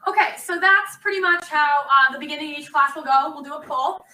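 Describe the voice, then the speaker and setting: A woman lecturing a class in a loose, conversational way, often stopping for an um or an uh. Her voice is very bright and sits a little high. It is picked up from across a classroom. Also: steady tone, brisk, recorded from a distance, poor audio. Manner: chatty, loose, with frequent ums and uhs. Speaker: instructor.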